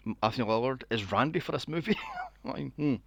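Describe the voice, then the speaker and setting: A man co-hosting a podcast, recapping a film in casual chat, animated and swearing freely. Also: medium pitch, moderate pace, gravelly, husky, no room sound. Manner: animated, swears freely, acts out quotes in a mocking voice. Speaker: podcast co-host.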